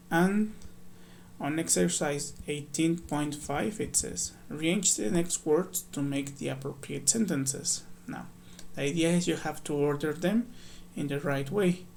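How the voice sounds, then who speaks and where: Male ESL teacher, gravelly, slightly high voice, patient step-by-step workbook walkthrough, faint hiss behind. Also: a little mellow. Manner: patient, explains step by step, reads examples aloud. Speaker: English teacher.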